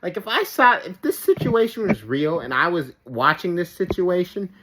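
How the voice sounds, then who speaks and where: A man's voice: sits high, moderate pace. A man hosting a reaction video who rants in a rambling, profane, exasperated way, full of "like". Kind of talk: ranting reaction commentary. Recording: steady background noise.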